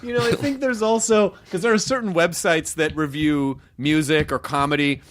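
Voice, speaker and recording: A man's voice: on the high side, steady tone, moderate pace, no echo, studio quality. A man hosting a podcast, riffing at length in casual chat with frequent restarts. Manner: thoughtful, wordy riffing with restarts. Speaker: podcast host.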